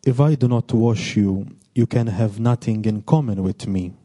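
Man reading Jesus, gentle teacher, low mellow voice, unhurried gospel reading. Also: breathy edge, no echo. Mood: calm. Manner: plain, unhurried reading without a changed voice. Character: Jesus, calm male teacher speaking to disciples.

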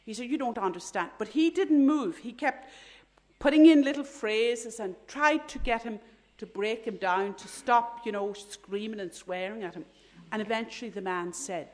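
A woman telling a faith story in an earnest storytelling talk. She often drops to a hushed voice at the moving moments. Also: on the high side, normal speed.

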